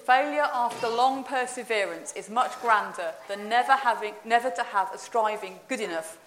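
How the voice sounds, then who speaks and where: A woman's voice: fairly high pitch, normal speed, a bit bright. A woman leading an informal all-age talk in a church service, chatty and playful as she quizzes the congregation. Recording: roomy church echo.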